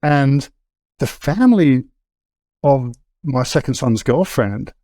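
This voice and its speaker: A man's voice: medium pitch, lively intonation, takes it slowly, warm tone, dry recording. Australian man telling his story. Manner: conversational, with frequent restarts and fillers. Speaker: guest. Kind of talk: candid personal storytelling.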